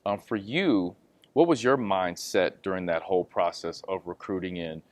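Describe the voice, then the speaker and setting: Low-voiced male interview host, dry sound. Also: moderate pace, no room sound. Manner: encouraging, conversational questioning. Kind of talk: interview questions.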